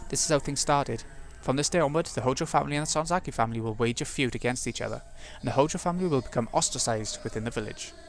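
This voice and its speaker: A man's voice: medium pitch, quick pace, hardly any pauses, slight background noise. A man hosting a let's play, reading a visual novel's narration aloud and muttering asides to himself between passages.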